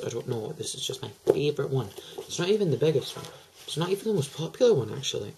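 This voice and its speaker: A teenage lad talks to camera in an excitable, rambling rush and gushes over everything. His voice sits at an ordinary middle pitch, and a faint background hum sits under it. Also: fast talker, vocal fry, few pauses. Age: teens. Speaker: vlogger. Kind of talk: casual chat to camera.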